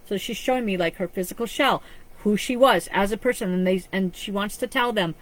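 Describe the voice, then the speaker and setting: A woman's voice: mid-range voice, brisk, poor audio. A woman psychic medium giving a live-streamed reading, talking in an earnest, rambling way with frequent restarts. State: choked up with emotion.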